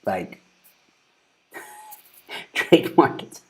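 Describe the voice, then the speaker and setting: A man hosts an informal news chat, talking into a close mic. He rambles, repeats himself and laughs freely at what he reacts to. His voice sits at an ordinary middle pitch for a man. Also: huge pitch swings, extremely slow, pauses often. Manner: laughs often, loose and rambling. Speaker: show host. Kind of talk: casual news commentary.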